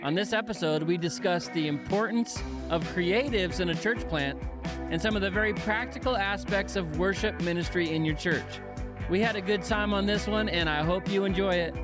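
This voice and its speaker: A man's voice: high voice, moderate pace, over music. A man hosting a casual podcast interview in an upbeat, joking way, speaking close to the microphone. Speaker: podcast host. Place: sitting on couches indoors. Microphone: microphone held close on mini tripod.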